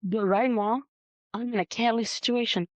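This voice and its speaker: A man's voice: sits high, moderate pace, no room sound. A young man defends his sports picks and insists he is not upset, talking over his co-host. His voice sits in the middle range. The recording is dull and lo-fi, dry with no room sound. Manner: defensive, insists he is calm, talks over the other. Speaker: podcast co-host. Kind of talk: casual sports debate.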